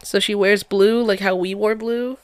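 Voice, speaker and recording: A streamer giving crude, excitable live commentary on a game, chattering and laughing. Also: mid-range voice, moderate pace, slight background noise. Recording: game music underneath. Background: game music.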